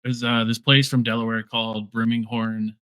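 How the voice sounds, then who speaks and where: Musician guy on a podcast, bright sharp voice, dry close sound, lots of uh and like. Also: medium pitch, little pitch movement, moderate pace, smooth, dry recording. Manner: laid-back, hesitant, lots of fillers. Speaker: musician guest. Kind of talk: casual chat.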